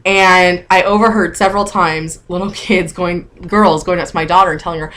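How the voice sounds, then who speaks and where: A woman's voice: lowish voice, steady tone, fairly quick, few pauses, a bit bright. A woman in her thirties chatting candidly to her camera in a casual vlog, open and emotional as she talks. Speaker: vlogger.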